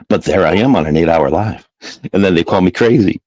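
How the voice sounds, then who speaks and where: A man's voice: low voice, normal speed, a little mellow, dry recording, low-quality recording. A man hosting his livestream in casual chat, telling rambling stories, swearing and laughing often. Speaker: livestream host.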